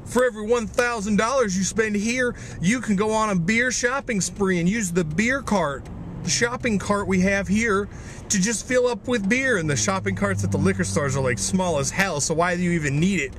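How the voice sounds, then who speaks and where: A man's voice: sits high, expressive, a little fast, a bit bright, a little hiss or hum. A young man ranting angrily and swearing into a camera inside his car. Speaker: vlogger. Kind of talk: ranting vlog.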